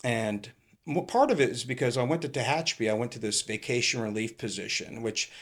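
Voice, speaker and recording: A man's voice: mid-range voice, lively intonation, a little fast, a bit bright. A middle-aged man from California, a retired police captain, telling rambling stories in a casual interview, swearing and acting out what people said. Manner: rambling, swears, acts out quoted lines.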